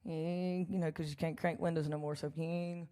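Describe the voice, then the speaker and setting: In a large church hall with long reverb, a songwriter performing live shares a folksy, joking story between songs, full of laughs and asides to the crowd. Her voice is low-pitched and warm, with little pitch movement and normal speed.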